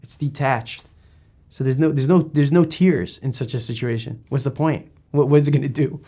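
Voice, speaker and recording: A man's voice: medium pitch, moderate pace, mellow. A man interviewing a guest in a casual talk, rambling and emphatic with many restarts.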